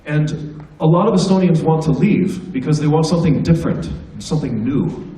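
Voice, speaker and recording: An American stand-up comedian, guest-speaking at a school assembly in the hall, gives students a joking, anecdotal and conversational talk. His voice is high-ish, expressive and dark, at normal speed, though the low-quality recording is echoey and far from the mic.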